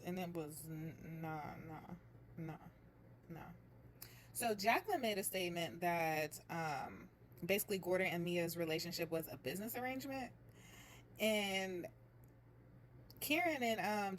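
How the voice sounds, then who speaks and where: A young woman chatting casually as she recaps a reality show, telling it in a lively way and slipping into other people's voices. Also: medium pitch, a little hiss or hum. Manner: chatty, animated retelling with quoted voices.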